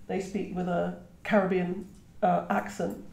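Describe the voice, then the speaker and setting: A woman in her fifties from Trinidad, speaking British English, talks reflectively as a guest author in a conversational interview. Her low voice is flat, measured, darkish, and has vocal fry; she says "you know" often and restarts frequently, and the recording has a roomy echo.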